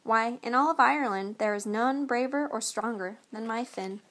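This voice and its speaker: A clever, fearless wife answers a giant with brisk, teasing confidence in a storybook tale, as a woman reader takes her part. Her voice sits a little high. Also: fairly bright tone. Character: clever bold wife of a folk hero.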